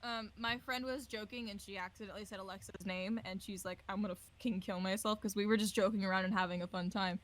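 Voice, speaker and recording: A young woman in a casual podcast chat, reacting quickly and giggling. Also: mid-range voice, fairly even intonation.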